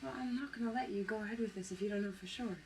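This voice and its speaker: Woman doing a young student, halting and unsure, stops and restarts a lot. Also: medium pitch, a little mellow, a little hiss or hum, natural voice, low-quality recording. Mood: hesitant. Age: young adult. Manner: hesitant, halting. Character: young female film student, hesitant accomplice. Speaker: film student. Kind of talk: found-footage film acting.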